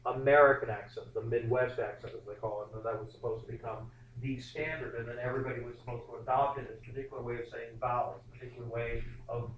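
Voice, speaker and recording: A man teaching a history class, lecturing in a rambling, animated way with many fillers and restarts. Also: mid-range voice, fast, slight background noise. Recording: echoey classroom from far off.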